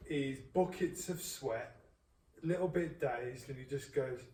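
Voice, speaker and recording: A man, the host's friend, telling a story in an animated, casual way. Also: medium pitch, measured pace. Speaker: friend of the host. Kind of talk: casual chat. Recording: echoey room, distant mic, faint noise.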